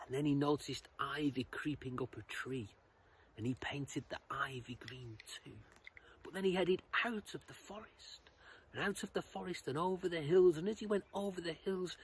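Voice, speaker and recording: A man telling a children's story, expressive, shifting between loud lines and whispers. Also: on the high side, slightly rough, poor audio.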